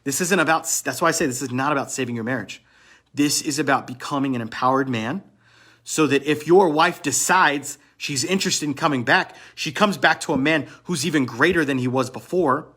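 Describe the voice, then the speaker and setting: Male relationship coach, slightly high husky voice, blunt motivational delivery, repeats phrases for emphasis. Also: a little fast, fairly bright tone. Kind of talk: motivational monologue.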